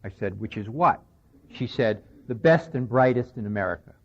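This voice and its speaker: A man's voice: medium pitch, expressive, moderate pace, slight background noise. Guy lecturing, chatty but emphatic, kinda muffled old radio tape sound. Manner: conversational, recounting dialogue, emphatic. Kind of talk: recorded lecture. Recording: dull lo-fi 1990s radio recording.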